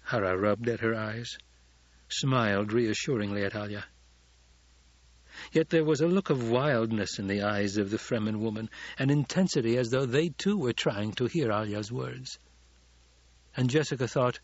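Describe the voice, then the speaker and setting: A man narrating an audiobook in a calm, even read. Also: medium pitch, moderate pace, dry recording, muffled recording. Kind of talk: scripted narration.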